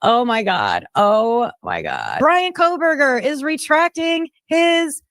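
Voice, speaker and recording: A woman's voice: high-pitched, big pitch swings, takes it slowly, fairly bright tone, no echo. A woman hosting a live stream, exclaiming and reading breaking news aloud to her viewers. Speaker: livestream host. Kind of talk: excited live-stream chat.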